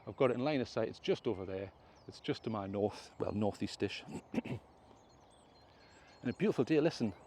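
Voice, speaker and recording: An English drone vlogger with a warm, mellow, lowish voice walks through drone flying step by step from a hilltop, chatty and correcting himself as he goes. His intonation is lively and his speed normal, with some background noise. He clears his throat and coughs slightly in this casual tutorial.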